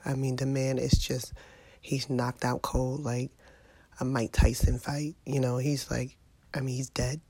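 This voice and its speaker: A woman's voice: rumbling low, level tone, a little slow, mellow, breathy edge, no room sound. Brief: sick, fed-up mom vlogger in her middle years, chatty and exasperated, dry close sound. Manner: exasperated, venting, chatty with viewers. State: sick with a sinus infection. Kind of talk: casual vlog monologue.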